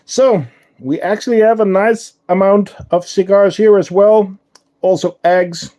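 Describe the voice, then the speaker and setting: Dutch man, live-stream host, unhurried and mellow, chatty with lots of ums. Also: high voice. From Netherlands. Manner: relaxed, chatting with viewers while showing his ants, frequent ums. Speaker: ant keeper streamer. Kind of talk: casual live-stream chat.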